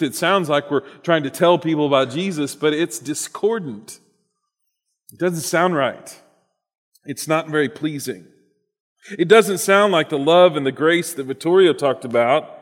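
A man preaching a sermon with a slightly higher-than-usual voice, talking in a loose, conversational way with many restarts. His words ring out with a long reverb in the church around him. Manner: conversational with frequent restarts and fillers. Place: church sanctuary.

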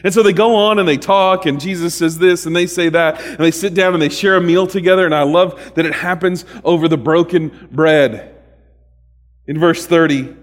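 A man preaching a sermon as a pastor, animated and humorous, with sudden loud bursts and soft asides. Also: on the high side, normal speed, long reverb tail.

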